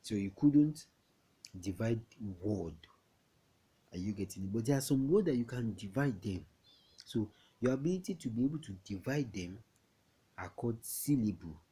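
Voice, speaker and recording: Low, husky Nigerian teacher, man. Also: animated, normal speed, warm tone. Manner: chatty, repeats questions to check understanding. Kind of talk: recorded English lesson for pupils.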